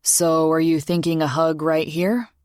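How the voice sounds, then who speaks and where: A calm, gently teasing single father, low and unhurried, as a woman narrator voices him. He talks easy and warm with a wry edge. The audiobook sound is dry and close-miked. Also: no room sound. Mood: tender. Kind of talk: audiobook character voice.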